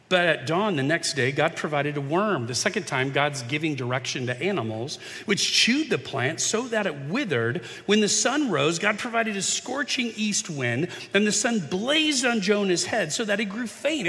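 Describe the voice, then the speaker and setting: A man preaching a sermon in a conversational way, moving from hushed asides to emphatic points. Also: sits high, expressive, normal speed. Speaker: pastor. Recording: long reverb of a large hall.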